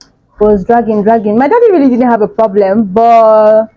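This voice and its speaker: A young Nigerian woman vlogger telling a personal story in an animated way, laughing often. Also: a little high, normal speed, no room sound, phone-quality sound. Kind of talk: storytime vlog.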